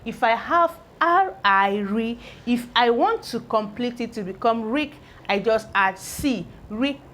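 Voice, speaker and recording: A woman's voice: on the high side, lively intonation, a bit bright, a little hiss or hum. A woman teaching English spelling, sounding out syllables one by one and checking that learners follow. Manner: slow, drawn-out syllables, sounding out each piece; asks learners if they follow. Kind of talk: phonics lesson at a board.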